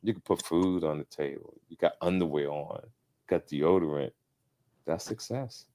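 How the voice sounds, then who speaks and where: A lower-voiced man chatting on a podcast. He tells his stories with animation and swears freely as he talks. The delivery stays loose and conversational. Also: normal speed, mellow. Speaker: podcast guest. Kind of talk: casual podcast chat.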